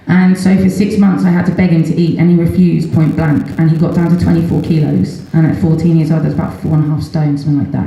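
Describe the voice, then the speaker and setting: Middle-aged woman, candid storyteller, warm low voice, booming echoey hall. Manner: earnest and candid, with nervous laughs and many ums. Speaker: seminar speaker, mother of patient. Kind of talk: personal story told in a public talk. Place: large event hall at a festival seminar.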